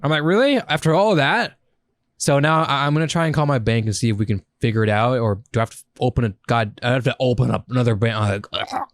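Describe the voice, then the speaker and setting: A young man co-hosting a casual podcast, swearing and telling stories in an animated way. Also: mid-range voice, racing, hardly any pauses, no echo. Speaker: podcast co-host. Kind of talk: casual chat.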